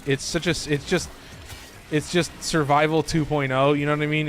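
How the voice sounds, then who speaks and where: A man's voice: a little high, little pitch movement, moderate pace, fairly bright tone, slight background noise. A man live-streaming a video game, chatting casually with viewers, joking and laughing often. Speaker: gaming streamer.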